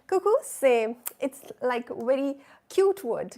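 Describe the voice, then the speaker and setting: A woman's voice: a little high, expressive, measured pace, few pauses, a little mellow. A woman teaching a live beginner French class, patiently repeating phrases for learners to echo and checking in with "right?" and "oui?". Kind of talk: live online language class.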